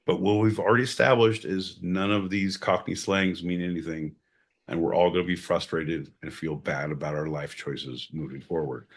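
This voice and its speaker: A man co-hosting a podcast, bantering sardonically with mock-grand announcements and frequent swearing. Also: low-pitched. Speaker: podcast co-host. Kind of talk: casual comedic banter.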